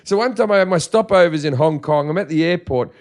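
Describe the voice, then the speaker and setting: An Australian man tells a comic story in casual podcast chat, swearing freely and staying animated throughout. His voice sits a little higher than most men's. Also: fast talker. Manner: profane, animated, doing voices of his parents. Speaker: podcast host.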